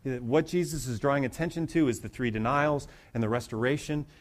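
A man's voice: mid-range voice, a little fast. A man pastor preaching through a Bible passage in a conversational way, with restarts and rising emphasis. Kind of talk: expository sermon.

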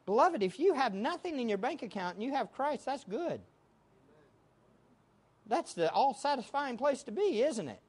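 A woman's voice: high voice, sing-song, moderate pace, long pauses, darkish tone, breathy edge. A woman preaching a sermon in an emphatic way, asking the congregation questions and answering them herself.

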